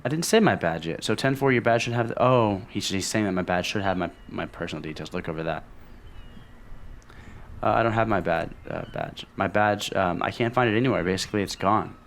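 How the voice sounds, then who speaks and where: Low gravelly-voiced man narrating gameplay. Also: fairly quick, a little hiss or hum. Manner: reads on-screen text aloud between offhand remarks. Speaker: let's play host. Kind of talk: casual gameplay commentary reading game dialogue aloud.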